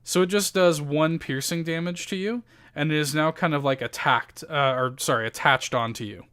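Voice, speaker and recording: A man's voice: fairly high pitch, moderate pace, fairly bright tone, clean tone. A man running a tabletop game as game master, narrating loosely with many fillers and casual swearing.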